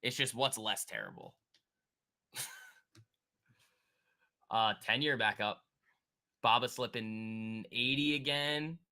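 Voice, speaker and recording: A man's voice: medium pitch, big pitch swings, takes it slowly, pauses often, pushed and bright. A man hosting a live stock market stream, chatting casually, joking and reacting to viewers and charts. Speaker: stock trading livestream host.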